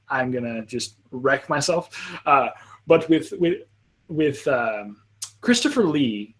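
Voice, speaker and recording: A man hosting a live panel in casual chat, rambling with frequent restarts and quick apologetic asides. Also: medium pitch. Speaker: panel host.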